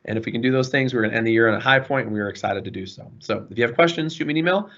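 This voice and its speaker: A man's voice: mid-range voice, racing, highs cut off. A man running an online information session for parents, earnest and apologetic as he answers questions. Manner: earnest, apologetic, warm toward students. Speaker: school administrator. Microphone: video call.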